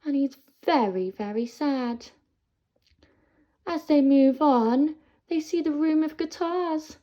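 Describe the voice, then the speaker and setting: A woman teacher, telling a children's story in an expressive, sing-song way. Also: high-pitched, slow. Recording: dull lo-fi sound.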